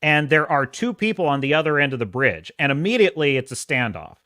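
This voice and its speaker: A man's voice: a little high, very animated, fast talker, bright, forceful tone, dry recording, clean studio sound. A man hosting a podcast, giving emphatic, casual commentary with frequent restarts and the occasional curse. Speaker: podcast host. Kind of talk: casual pop-culture commentary.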